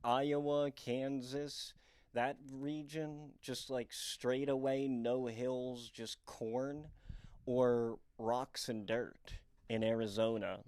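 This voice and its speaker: A man's voice: mid-range voice, steady tone, slow, darkish tone, smooth, no echo. A young adult man from the northeastern United States, a comedian telling candid personal stories in a rambling, self-deprecating way with many fillers. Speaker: comedian and storyteller. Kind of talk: candid storytelling monologue.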